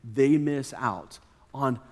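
A man's voice: mid-range voice, drawn-out words, long reverb tail. A man preaching a casual sermon in a conversational, emphatic way, with slangy asides.

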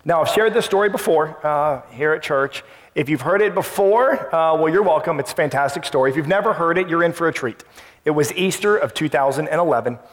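Storytelling pastor in a reverberant church. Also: male voice, fairly high pitch, fairly quick. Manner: storytelling, animated, acts out his own past lines. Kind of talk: sermon. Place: church sanctuary. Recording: long reverb of a church hall.

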